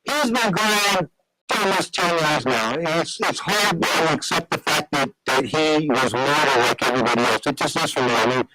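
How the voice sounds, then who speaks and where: A man's voice: a little high, normal speed, background noise. A man telling long stories as a guest on a radio talk show, rambling with many restarts.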